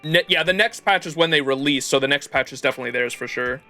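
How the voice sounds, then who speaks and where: A man's voice: a little high, quick pace, sharp tone, soft background music. A young man streaming a game, rambling casually with lots of swearing and fillers. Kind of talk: live game commentary.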